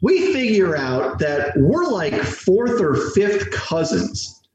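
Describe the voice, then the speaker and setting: Man, high animated storyteller, echoey distant room mic, slight hiss. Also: slow pace. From United States. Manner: animated, repeats words when starting sentences. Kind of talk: casual storytelling chat.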